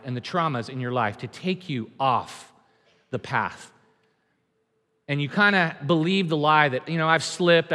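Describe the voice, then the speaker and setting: A man's voice: fairly high pitch, sharp tone. A male pastor preaching a sermon in a church, emphatic and conversational, acting out quotes. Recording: long hall reverb.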